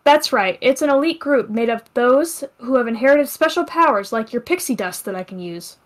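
A woman's voice: a little high, expressive, normal speed, lightly acted. A woman reading the lines of a haughty, sarcastic black female cat in a story. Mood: explaining. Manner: dry, cutting put-downs.

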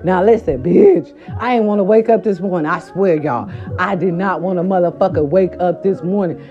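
A middle-aged woman telling a story casually to her viewers, animated and profane, repeating her filler words. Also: lowish voice, moderate pace, muffled recording, faint music behind. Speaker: vlogger.

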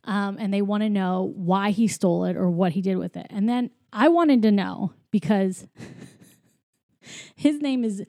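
A woman's voice: medium pitch, unhurried, creaky, mellow, dry recording, studio quality. A woman recapping a movie in a casual chat, full of "like" and "you know", often giggling.

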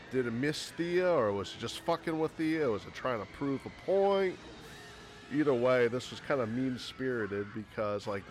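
A man giving a casual spoken movie critique, sarcastic and rambling, with frequent swearing. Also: mid-range voice. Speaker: movie reviewer.

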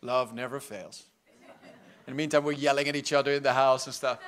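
A man preaching a charismatic sermon as pastor in a church hall, fervent, swinging between loud exhortation and quiet asides. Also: mid-range voice, fairly even intonation, fairly quick. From South Africa.

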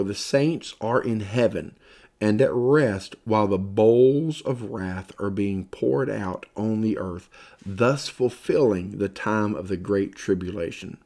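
In a lowish, mellow voice, a worn-out man teaches a sermon-style Bible lesson and yawns along the way. He reads scripture with mounting emphasis and gives a loose, filler-laden explanation.

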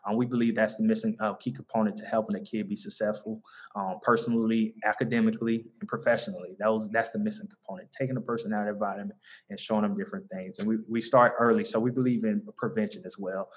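A man's voice: lowish voice, flat delivery, quick pace. Earnest Southern American man, talking loosely. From Southern United States. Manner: earnest, loose and repetitive, with frequent ums and restarts. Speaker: founder of a mentoring organization. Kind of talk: conversational interview answer.

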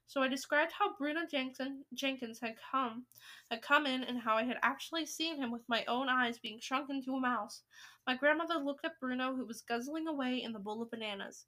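Bright-voiced woman reading a storybook. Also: high voice, moderate pace. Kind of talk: reading a children's book aloud.

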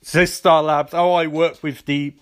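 A man's voice: fairly high pitch, flat delivery, unhurried, a little hiss or hum, natural voice. A man doing a rambling awkward young woman.

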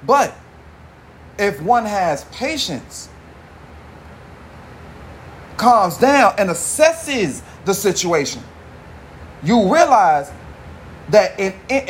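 A man's voice: high voice, slight background noise. A man hosting a podcast, talking alone in a casual, rambling, profane way, full of slang and swearing. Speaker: podcast host. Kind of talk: casual monologue.

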